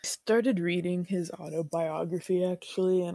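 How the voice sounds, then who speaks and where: A woman's voice: lowish voice, brisk, few pauses, fairly bright tone, dry recording, studio quality. A woman in her twenties co-hosting a podcast in casual chat, rambling and self-deprecating, laughing often. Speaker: podcast co-host.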